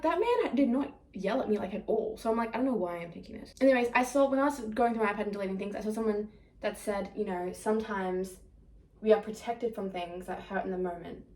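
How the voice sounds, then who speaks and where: A young adult woman with a mid-range, slightly mellow voice talks in a casual confessional vlog, rambling emotionally, mocking herself, and breaking into laughter. She's in an indoor room with an echo, standing a little away from the camera.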